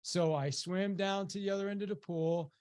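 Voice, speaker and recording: Speaking at a moderate pace in a high voice, this man, a webinar presenter and business coach, shares a personal story meant to motivate his audience. His delivery is lively and chatty, full of restarts and "you know," and he performs the voices he quotes, jumping sharply upward to imitate a shout.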